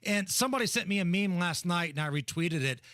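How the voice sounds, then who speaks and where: A man hosting a radio talk show, joking and ribbing his co-host in quick banter. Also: high-pitched, expressive, pushed and bright, no echo, clean studio sound. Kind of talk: casual radio chat. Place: radio studio.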